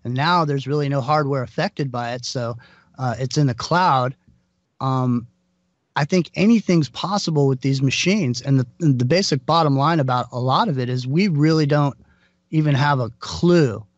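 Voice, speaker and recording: A man talking casually on a live show, speaking haltingly with many restarts. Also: medium pitch, no room sound, muffled recording.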